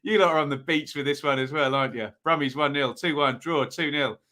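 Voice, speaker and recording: A man's voice: fairly high pitch, a little fast, sharp tone. A man hosting a live football predictions stream, chatting casually, reading out viewers' picks and tossing in tag questions. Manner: chatty and upbeat, many ums and rhetorical tag questions.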